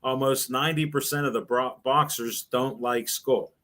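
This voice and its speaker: An older man, once a sports radio host, talks at a middle pitch. He rambles from one anecdote to the next, slipping into the voices of the people in his stories. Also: steady tone, moderate pace, bright, forceful tone. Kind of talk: storytelling in a casual interview.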